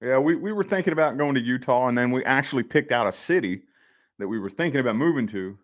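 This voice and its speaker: A man's voice: medium pitch, lively intonation, fast talker. Laid-back man chatting to live viewers. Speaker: live-stream host. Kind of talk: casual live-stream chat to viewers. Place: home office, indoors.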